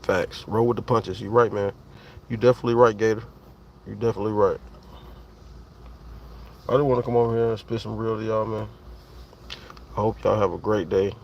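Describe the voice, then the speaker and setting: A man's voice: on the low side, fairly even intonation, a little fast, gravelly, long pauses, dull audio, slight background noise. A man, talking casually and profanely to his viewers on a livestream, rambling and speaking straight to the chat.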